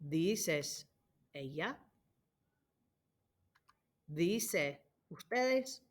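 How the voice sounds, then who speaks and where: This Spanish teacher's voice sits fairly low, animated yet extremely slow. Recording a screen-share homework walkthrough, she keeps a patient drilling tone as she runs through conjugations aloud.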